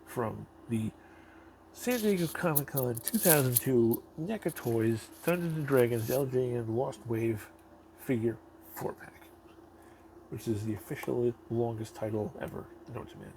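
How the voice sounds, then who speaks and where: Man, toy reviewer, casual rambling talk, gravelly voice, hissy background noise. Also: medium pitch, measured pace, warm tone, poor audio. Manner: rambling, offhand, swears casually.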